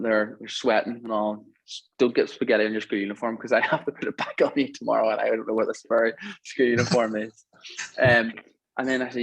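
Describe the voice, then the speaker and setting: A man's voice: on the low side, dry recording, poor audio. A man talking as a podcast guest, telling a reflective, earnest story in a casual chat.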